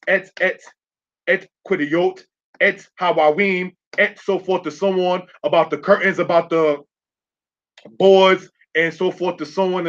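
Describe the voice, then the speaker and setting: A man's voice: high-pitched, fairly bright tone. A man teaching a sermon to his congregation, working through slides, repeating key phrases and checking in with his listeners. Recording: dull lo-fi sound.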